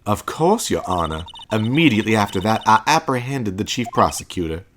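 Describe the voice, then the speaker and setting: A man's voice: fairly low pitch, big pitch swings, a little fast, background noise. A man voicing a brash, cocky former woman detective who runs a lunch stand, with a smug, taunting manner. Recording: game music behind voice.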